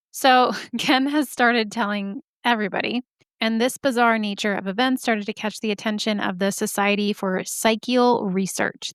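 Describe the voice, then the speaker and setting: A woman's voice: mid-range voice, dry recording, studio quality. A woman hosting a podcast, telling a story casually with joking asides and lots of "like". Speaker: podcast host.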